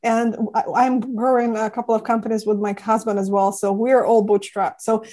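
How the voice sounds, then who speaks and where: A woman hosting a business podcast interview, chatty and animated, acting out the people she coaches. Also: a little high, moderate pace. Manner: chatty, animated, acts out founders in quotes. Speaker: podcast host. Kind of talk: casual interview.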